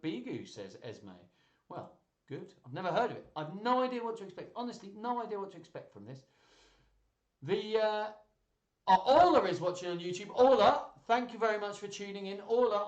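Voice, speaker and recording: A man's voice: high voice, expressive, moderate pace, roomy sound, dull audio. A man hosting a live children's joke stream, chatting casually and laughing as he reads jokes aloud.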